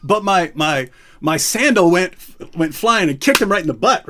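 A man's voice: high-pitched, expressive, normal speed, background noise. A man hosting a casual live chat, telling stories with many restarts and frequent laughter. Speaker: host. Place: indoors, live stream.

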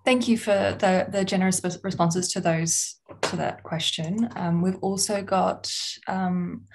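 A woman's voice: on the low side, fairly even intonation, a little slow, background noise. A woman moderating a webinar, politely relaying questions to the panel with some hesitant fillers.

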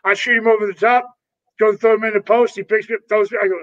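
Older guy, high voice, swears a lot, rambling war stories, kinda dull muffled audio. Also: little pitch movement, quick pace, a bit bright. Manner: rambling, profane, calls people brother. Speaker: retired pro wrestler, interview guest. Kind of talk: casual storytelling interview.

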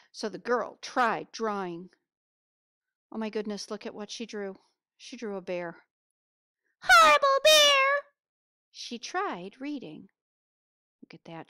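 Female storybook reader for children; slow, very lively, dry close sound. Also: medium pitch, no room sound. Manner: asks listeners questions, expressive. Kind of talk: reading a picture book aloud to children.

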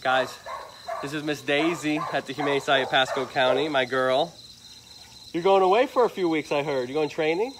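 A man's voice: on the high side, a little fast. Chatty man livestreaming outdoors. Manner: chatty, talks to viewers and sweet-talks a dog. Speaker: animal rescue livestreamer. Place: outdoors at an animal shelter, by a grill. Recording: noisy outdoor phone livestream. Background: crickets and insects.

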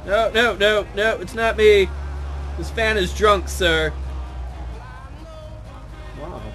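A man's voice: high-pitched, slow, pushed and bright, faint music behind. A young man commenting on his video game, joking and talking to the characters on screen. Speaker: let's play gamer.

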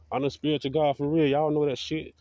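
A man's voice: on the high side, warm tone, no echo, highs cut off. A man delivering a profane, defiant, repetitive rant to camera as a video blogger. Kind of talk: ranting monologue to camera.

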